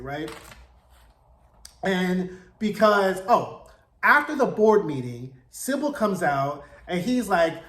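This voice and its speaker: A man hosting a casual, chatty TV recap, telling the plot in a gossipy, animated way with slangy asides. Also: high-pitched. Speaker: TV recap host. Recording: roomy echo.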